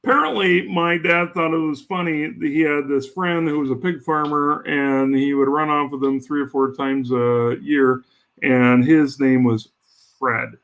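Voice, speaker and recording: A man who is a guest on a podcast, telling stories in a jokey, rambling, animated way. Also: fairly high pitch, a little slow. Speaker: podcast guest, home cook. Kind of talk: casual storytelling chat.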